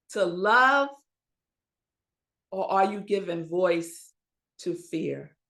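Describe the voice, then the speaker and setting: A female minister delivers a Sunday sermon slowly and with emphasis, posing rhetorical questions to the congregation and pausing for effect. Her voice sits at a medium pitch with a slightly bright quality.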